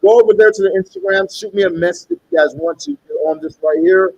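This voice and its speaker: A man reading tarot and pitching paid rituals in a salesy way, often repeating "okay" and "you guys.". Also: big pitch swings, fast talker, vocal fry, hardly any pauses, husky, no room sound, poor audio. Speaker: tarot reader and spell seller.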